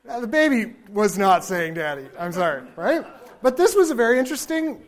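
A man lecturing to a room in a loose, talky way, turning to his listeners for agreement and laughing lightly at his own asides. He is lively and informal, and now and then he imitates a baby's babble to make a point. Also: high-pitched, fairly quick. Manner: conversational, checks in with the audience; animated, chuckles often. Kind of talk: lecture to an audience.

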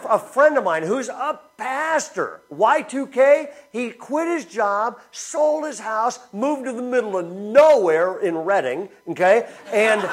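A man preaching a sermon as pastor, telling stories and asking the congregation questions. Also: high voice. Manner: storytelling, animated, asks the congregation questions.

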